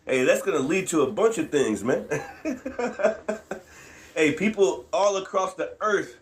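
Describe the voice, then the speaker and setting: Man, fiery scripture commentary, laughs a lot, slightly high voice. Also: expressive, slow pace, a little hiss or hum. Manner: preachy, laughs often, repeats "man" at line ends. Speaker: host reading scripture.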